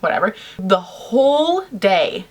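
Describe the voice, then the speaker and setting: A woman's voice: mid-range voice, slow pace. Chatty young woman vlogger. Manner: chatty, animated, heavy use of "like". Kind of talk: casual storytelling to camera.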